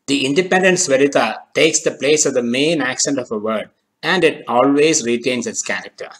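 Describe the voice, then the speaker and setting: A man narrating a recorded language lesson at a middle pitch. He speaks in a measured, deliberate way and slows down on the key terms, like a teacher reading from a prepared script. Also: fairly bright tone, poor audio.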